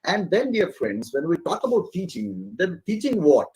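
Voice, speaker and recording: A lecturer leads an online faculty training session, his pitch swooping freely. He has a slightly husky tone and talks expressively, often pausing with little fillers. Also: rough recording. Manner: expressive, animated, with frequent fillers. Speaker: college lecturer.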